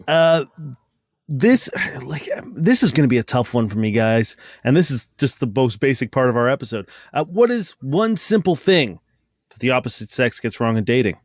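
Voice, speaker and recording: A man's voice: mid-range voice, animated, normal speed, no room sound, studio quality. A man co-hosting a comedy podcast, joking in casual chat and laughing through his own lines. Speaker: podcast co-host.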